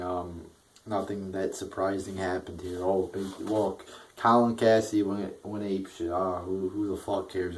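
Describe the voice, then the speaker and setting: Man, lowish voice, crude rambling rant, swears constantly, bored and dismissive. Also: darkish tone, slight background noise, poor audio. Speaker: wrestling show reviewer. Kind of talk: casual profane rant review.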